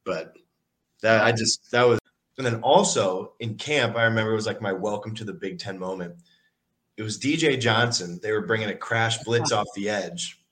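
A young man, a college football player, telling animated, profane stories with lots of fillers in a casual interview. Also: lowish voice, normal speed. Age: young adult. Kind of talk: casual storytelling.

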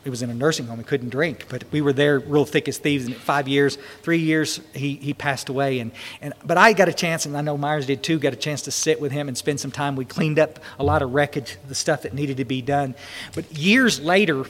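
A man's voice: a little high, fairly quick, big-room sound. A man answering questions at a recovery meeting, talking in an emotional, rambling, folksy way.

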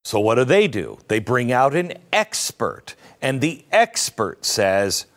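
Slow, sardonic middle-aged male host. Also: medium pitch, very animated, fairly bright tone. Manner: sardonic, conversational, self-mocking asides. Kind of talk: opinion talk show monologue.

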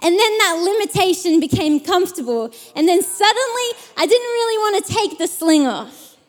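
Young woman preacher, high voice, chatty storytelling sermon in a big reverberant room. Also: moderate pace. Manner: lively storytelling with many fillers. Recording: long hall reverb.

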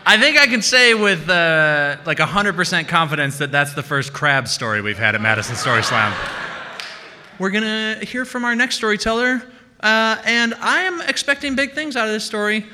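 A man's voice: high voice, expressive, normal speed, pushed and bright. A man hosting a storytelling night, introducing the next speaker in a cheerful way. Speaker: event host. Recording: echoey hall with background noise.

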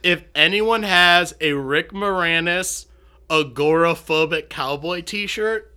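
A young man in casual podcast banter, profane and animated, acting out movie scenes for laughs. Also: a little high, slow, smooth. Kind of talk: casual chat.

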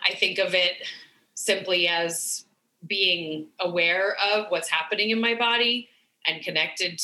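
A woman's voice: lowish voice, reverberant, poor audio. A woman, a sex therapist, talking reflectively as a podcast guest, with frequent ums. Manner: warm, reflective, many fillers. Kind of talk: podcast interview.

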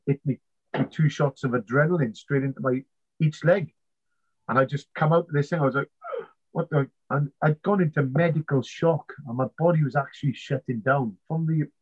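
A British man, a navy veteran and interview guest, telling his story in an animated way, swearing freely and acting out past conversations. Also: a little high, slightly rough. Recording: slightly muffled lo-fi sound.

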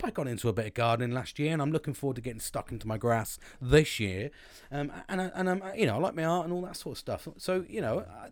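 Male podcaster, 40s, rambling and profane, self-mocking, close dry mic, mid-pitched voice. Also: no echo. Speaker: podcast host. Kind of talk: casual solo podcast monologue. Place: at home, drinking cider. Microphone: close studio-style mic.

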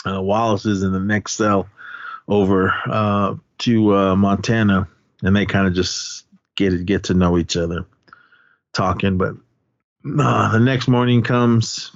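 Recorded lo-fi with no echo, a man co-hosting a podcast talks through a movie's plot in a rambling, casual way. His voice is on the low side and steady, his pace measured, and he leans on fillers while acting out lines from the film.

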